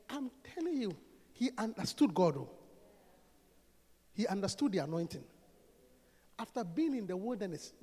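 A man preaching a sermon in a church, swinging from soft talk to shouting and laughing often. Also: sits high, breathy edge, in a large hall.

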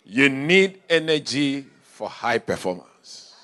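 A male pastor preaching a sermon in a church, telling stories and swinging from quiet asides to shouted calls. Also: medium pitch, big pitch swings, takes it slowly.

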